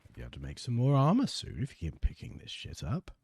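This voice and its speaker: A man's voice: medium pitch, huge pitch swings, fast talker, creaky, darkish tone, husky, no echo. A man giving laid-back let's play commentary, muttering to himself with dry asides. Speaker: gamer.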